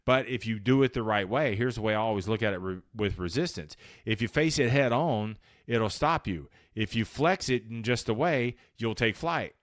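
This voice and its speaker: A man's voice: lowish voice, normal speed, few pauses, no room sound, clean studio sound. A man hosting a motivational podcast, talking casually and with emphasis, using slang and acting out the voices in his head. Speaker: podcast host.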